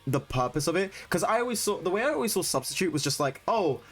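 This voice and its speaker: A young man giving live commentary on his own competitive gameplay, excitable and quick to break into loud, frustrated rants. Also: high-pitched, faint music behind. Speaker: gaming streamer.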